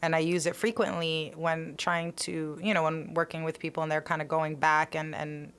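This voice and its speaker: A woman's voice: sits low, flat delivery, moderate pace, a bit bright, clean tone. A woman therapist co-hosting a casual podcast chat, supportive and often answering with short agreements.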